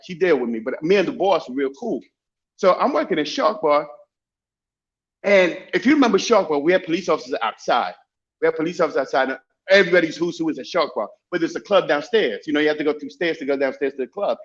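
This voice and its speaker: A man guest telling stories in casual, animated talk, with many repeats and restarts. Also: on the high side, lo-fi sound. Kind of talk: casual storytelling.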